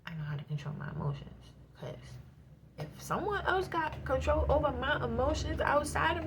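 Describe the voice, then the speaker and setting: A woman casually telling a personal story to her viewers, animated and slangy, with swearing and frequent laughs. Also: high-pitched, a little fast, background noise. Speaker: vlogger.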